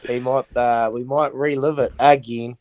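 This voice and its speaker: A man's voice: medium pitch, steady tone, measured pace, darkish tone, slight background noise. A man calling in as a guest, chatting casually in an upbeat, friendly way. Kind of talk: casual chat.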